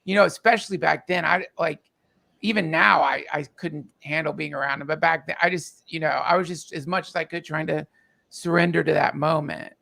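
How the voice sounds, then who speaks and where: Man with a high, gravelly voice, halting. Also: steady tone, bright, forceful tone. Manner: emotional, halting, many fillers and restarts. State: tearful. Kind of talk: casual storytelling.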